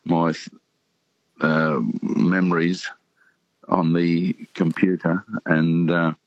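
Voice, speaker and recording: An older Australian man in his sixties calls in to a radio show. His voice is very deep and laid-back as he rambles with many pauses and ums, and the phone line sounds dull and muffled. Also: flat delivery, dry recording. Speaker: caller. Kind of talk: casual phone chat.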